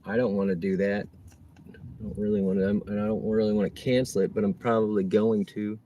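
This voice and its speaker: Rideshare driver streaming from his car, casual and chatty, reads chat aloud; lowish voice, clear car noise behind. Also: level tone, brisk, warm tone. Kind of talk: casual livestream chat while driving.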